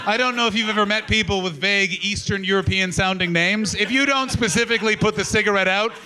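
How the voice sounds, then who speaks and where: A man doing stand-up crowd work, teasing the audience in a brash, profane, rapid-fire way. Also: high voice, bright, forceful tone, slight background noise. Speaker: stand-up comedian. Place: comedy club stage before a live audience. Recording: live club recording with crowd laughter. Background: audience laughter.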